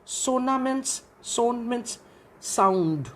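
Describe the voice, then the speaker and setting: A woman's voice: on the high side, lively intonation, drawn-out words, fairly bright tone. A woman giving a literature lecture, who asks questions and answers them herself and often repeats phrases. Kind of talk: classroom lecture.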